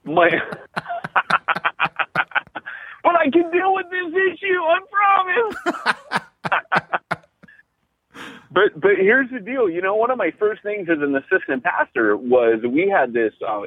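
A middle-aged man, a pastor and podcast host, telling stories in casual chat, animated and full of "you know" and restarts. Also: on the high side, measured pace, breathy edge, no echo. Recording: tinny phone-like line, dry.

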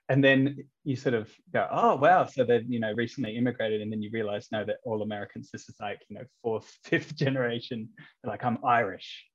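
A man's voice: on the low side, steady tone, a little fast. An English-born man, a comedian guest on a podcast, rambling in casual chat with many ums and chuckles. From England. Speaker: comedian and street performer, guest. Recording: dull lo-fi sound.

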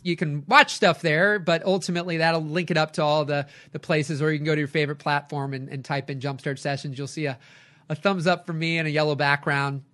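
A middle-aged man, a coach and podcast host, giving an energetic motivational talk with lively storytelling. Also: fairly high pitch. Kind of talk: motivational talk, live stream.

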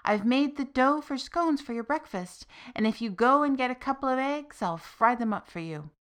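An elderly widowed mother, anxious and bossy, in a lifted, higher voice, put on by a woman reading the tale. She gives orders and frets aloud. This is a spoken folk tale for a podcast. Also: lively intonation, moderate pace. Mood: cheerful. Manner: raised, fretful, commanding. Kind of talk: storytelling podcast.

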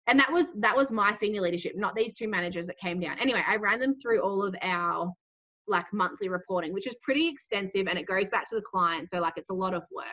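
A woman's voice: mid-range voice, quick pace, sharp tone, highs cut off. A woman in her twenties with an Australian accent, telling a story in casual podcast chat, saying "like" constantly. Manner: chatty, heavy use of "like".

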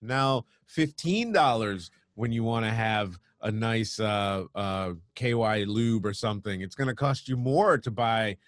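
A man co-hosting a podcast, ranting in casual chat and telling stories with quick impressions of other people. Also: on the low side, no room sound, clean studio sound. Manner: animated storyteller, mimics people mid-story. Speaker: podcast co-host.

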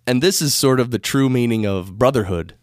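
A man from the United States hosts a relaxed podcast about spirituality, drifting and correcting himself as he speaks. He talks fairly quickly at medium pitch, and his studio microphone delivers studio-quality sound without echo.

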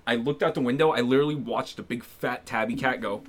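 A man's voice: mid-range voice, quick pace. A young man telling laid-back, profane anecdotes in casual chat among friends.

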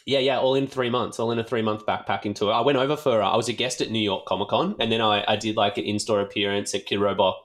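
A young man with an Australian accent wanders through a story in easygoing chat. His everyday voice sits somewhat low, and it leaps up whenever he quotes himself. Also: steady tone, fast, few pauses, a bit bright. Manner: rambling, jumps in pitch when quoting himself. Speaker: artist and podcast co-host.

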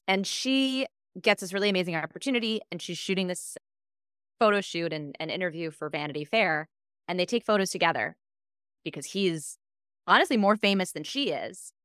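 A podcast co-host tells stories in casual chat, animated as she acts out the quoted dialogue. Her fairly low voice is brisk, on a dry recording with clean studio sound.

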